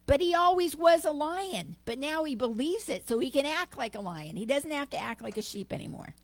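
Expressive woman preaching a sermon. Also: high-pitched, moderate pace, no echo. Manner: expressive storytelling, warm and emphatic.

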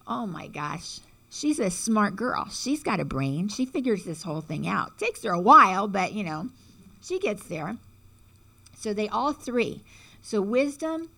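Woman explaining stuff in a loose chatty way, keeps asking "right?", kinda low voice. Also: a bit bright. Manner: chatty, frequent "right?" checks, acts out quotes. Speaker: teacher explaining symbolism. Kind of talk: casual spiritual talk.

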